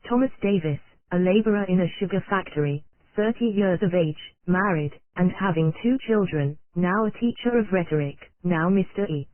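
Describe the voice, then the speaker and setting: An audiobook narrator reading an old nonfiction text in a steady, unvaried way, spelling out abbreviations letter by letter. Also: medium pitch, moderate pace, few pauses, no room sound. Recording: dry, tinny phone-like sound.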